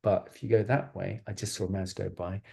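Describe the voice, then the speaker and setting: A man's voice: low voice, little pitch movement, brisk, gravelly, dark tone, voice pushed down. A man voicing a small fly that answers in a dry, offhand way. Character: matter-of-fact little fly.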